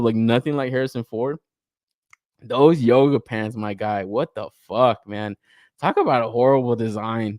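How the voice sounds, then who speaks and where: Young male podcast host, casual and profane, lots of laughs, mid pitch, dry close mic. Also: no room sound. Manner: animated, swears freely, laughs often. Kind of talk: casual toy-collector chat reacting to reveals.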